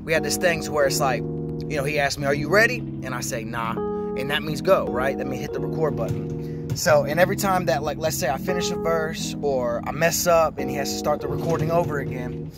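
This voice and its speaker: Casting note: animated male rapper storyteller, fairly high voice, loud music bed behind. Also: a little fast. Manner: lively, acts out sounds and quotes. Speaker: rapper telling a studio story.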